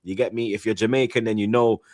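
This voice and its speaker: A man chatting casually on a football stream, rambling through shout-outs with slang and repeated "you get me". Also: fairly low pitch, steady tone, fast, no room sound, clean studio sound. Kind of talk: casual chat, reading out super chats.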